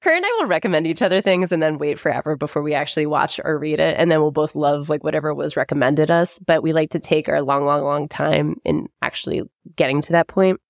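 A woman's voice: low voice, fast talker, gravelly, hardly any pauses, no echo, clean studio sound. A woman co-hosting a podcast, telling a story in a casual chat, laughing often and swearing freely. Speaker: podcast co-host.

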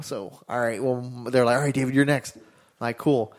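A man's voice: medium pitch, fairly even intonation, a little fast. Young male storyteller, casual, profane, voices the other people in his story. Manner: rambling, swears freely, acts out dialogue.

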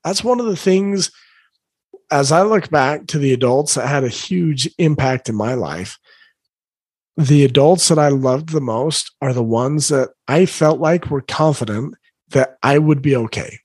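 A man's voice: medium pitch, a little slow, a little mellow, husky, no room sound, clean studio sound. A middle-aged man, a former principal, giving an earnest, encouraging talk to parents and acting out his own inner thoughts.

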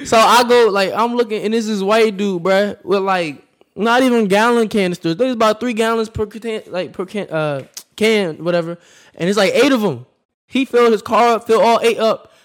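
A man co-hosting a podcast, telling an animated story in casual chat and laughing often. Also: high voice, normal speed. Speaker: podcast co-host.

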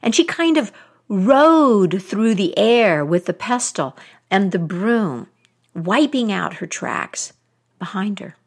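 A woman telling a folk tale aloud, expressive, with dramatic pauses. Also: mid-range voice. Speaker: storyteller.

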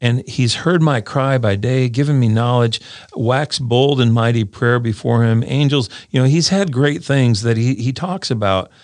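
A man's voice: mid-range voice, darkish tone, dry recording. A man co-hosting a casual scripture discussion in a small room, talking earnestly and often repeating his first words. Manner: earnest, repeats words when starting sentences, reads verses aloud slowly. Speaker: podcast co-host discussing scripture.

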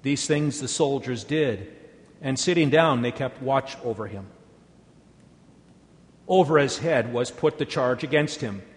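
A man reads scripture in a measured, deliberate way, his voice sitting a little high. A long reverb hangs after his words, as in a large hall. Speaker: scripture reader. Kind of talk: solemn scripture reading.

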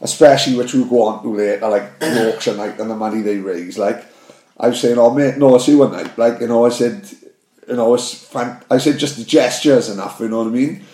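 A man's voice: mid-range voice, dark tone. A man chatting casually on a podcast, swearing freely and affirming often. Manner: sweary, chatty, backs the other up with quick yeahs. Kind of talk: casual chat. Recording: echoey room.

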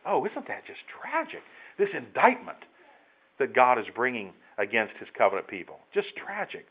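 A man preaching a sermon in an earnest, emphatic way, rising often to loud exclamations. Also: fairly low pitch, sing-song, moderate pace, phone-quality sound. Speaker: pastor.

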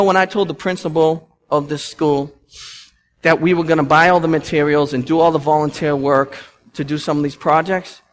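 A young man, a pastor preaching a sermon, telling stories with swings from loud to hushed. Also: a little high. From Massachusetts.

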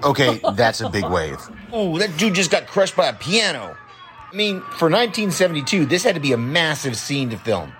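A man's voice: a little high, very animated, brisk, fairly bright tone, soft background music. Male listener, casual running movie commentary, chatty and amused. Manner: chatty, chuckles often while reacting. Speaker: listener sending a voicemail.

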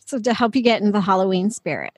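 A woman's voice: mid-range voice, animated, rapid-fire, darkish tone, no echo, studio quality. A woman co-hosting a podcast, chatting casually and laughing easily. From Illinois. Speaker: podcast co-host. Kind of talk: casual chat.

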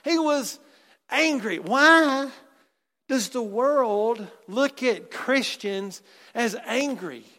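Male preacher, very high voice, lively conversational sermon, long reverb of a big hall. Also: very slow. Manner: animated, conversational preaching with asides.

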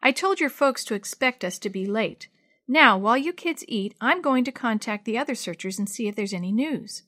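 A woman voicing a kind, steady middle-aged father who calms the children and gives orders. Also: fairly high pitch, moderate pace. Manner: calm, reassuring, gives orders.

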